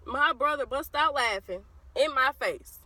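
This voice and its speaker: A woman with a Southern US accent telling a childhood story to her viewers in a casual, animated way, acting out the voices of the people in it. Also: high-pitched, unhurried, poor audio. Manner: animated, addresses viewers as y'all, acts out quoted voices.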